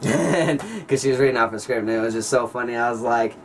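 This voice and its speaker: A teenage male high school senior telling a rambling, excitable story in a casual vlog, full of "like" and "you guys.". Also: brisk, far from the mic, background noise. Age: teens. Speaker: vlogger.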